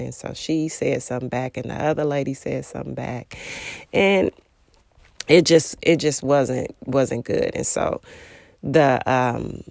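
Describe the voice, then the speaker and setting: A parent telling a devotional story in a rambling, halting way, full of fillers and restarts. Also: medium pitch, steady tone, vocal fry, darkish tone, no room sound. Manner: acts out quoted remarks in a raised voice.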